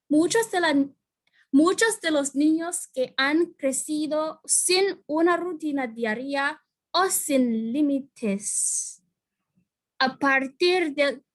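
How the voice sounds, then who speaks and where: A young woman with a Jamaican accent reads a passage aloud over a video call. Her voice is high, and she reads very slowly, hesitating and starting words over. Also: poor audio. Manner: slow, hesitant reading with restarts. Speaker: student.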